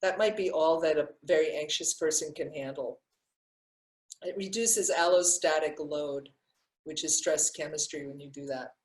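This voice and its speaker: An older woman with a lowish voice answers questions about breathing practice. She talks loosely, full of fillers and restarts. Her voice carries around an echoey room. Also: normal speed. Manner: warm, rambling, many restarts and fillers. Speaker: breathwork teacher. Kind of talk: live Q&A answers.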